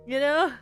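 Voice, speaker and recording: A woman streamer chatting casually to her viewers in a rambling way, with many filler words. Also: a bit bright.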